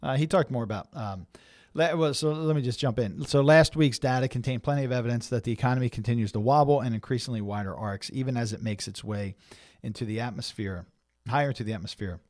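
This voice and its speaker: A man hosting a financial planning webinar, reading market news aloud and explaining it in a halting way with many fillers and restarts. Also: medium pitch, darkish tone, dry recording, studio quality.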